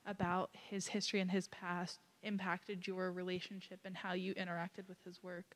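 Woman audience member, even flat delivery, halting long question. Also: fairly low pitch. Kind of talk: asking a question at a talk.

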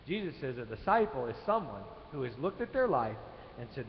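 A man preaching a sermon, swinging from loud emphatic lines to quiet ones, in a church sanctuary. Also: medium pitch, sing-song, fairly quick, a little hiss or hum. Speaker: pastor. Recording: echoey church hall, dull live stream.

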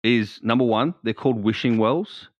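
A man hosting a podcast in casual, playful chat, animated and teasing. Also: mid-range voice, moderate pace, no echo. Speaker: podcast host. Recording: dull, dry lo-fi sound.

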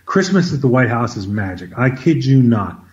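A man as an interview guest, telling an anecdote in an animated conversational way, often repeating words as he starts a sentence. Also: medium pitch, moderate pace, lo-fi sound. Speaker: interview guest, former White House officer. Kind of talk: conversational storytelling.

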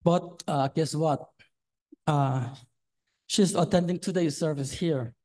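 Nervous older man, slow and hesitant. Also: a little high, a little mellow, rough recording. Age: 60s. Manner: nervous, hesitant, many fillers. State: trembling voice. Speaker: lay preacher. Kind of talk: sermon.

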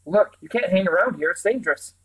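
A man's voice: sits high, lively intonation, quick pace, a bit bright, breathy edge, exaggerated voice, poor audio. A man voicing a loyal, practical young servant in a storybook reading, earnest and fussing. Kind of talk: storybook character voice.

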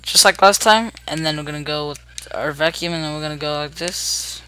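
A young adult gaming host giving chatty, upbeat commentary while playing, narrating each move out loud. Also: mid-range voice, fairly quick, clean tone. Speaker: gameplay video host. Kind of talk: casual let's-play commentary.

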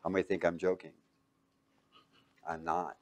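A man giving a motivational talk to a live audience. He talks emphatically, swings from loud to hushed, and keeps quizzing listeners with fill-in questions. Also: sits low, little pitch movement, normal speed. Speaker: speaker teaching a live audience.

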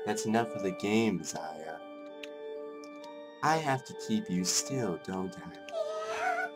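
A man voicing a calm, creepy, possessive father, reading the game dialogue in a soft, low, menacing tone. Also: slow pace, loud music behind the voice, heavily acted. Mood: eerily gentle.

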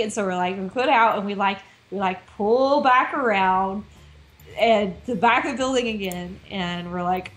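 A woman game designer telling a casual story as a guest, animated and full of "like" fillers. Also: mid-range voice, normal speed. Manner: animated, heavy use of "like" fillers.

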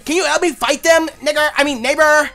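A man's voice: extremely high pitch, fairly even intonation, fairly quick, vocal fry, bright, forceful tone, voice pushed up, heavily acted. A man voicing a sassy, rude teenage girl trainer who mocks everyone with brash, profane insults. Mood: mocking.

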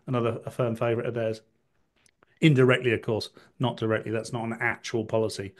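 A man's voice: medium pitch, little pitch movement, fast talker. Wry, hesitant man as a guest. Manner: hesitant, restarts, wry asides. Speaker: podcast guest. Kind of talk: political podcast chat.

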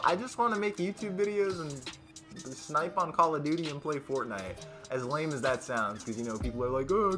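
Teen boy, casual storytime vlog, rambling with fillers, medium-pitched voice, music playing underneath. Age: teens. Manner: rambling, lots of fillers and restarts, loud when quoting friends. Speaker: YouTuber.

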